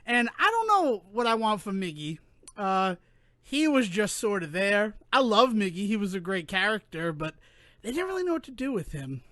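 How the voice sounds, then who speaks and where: A man co-hosting a podcast, chatting casually in an animated, rambling way that keeps interrupting itself. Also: high voice, normal speed, no echo, studio quality. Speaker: podcast co-host. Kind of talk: casual chat.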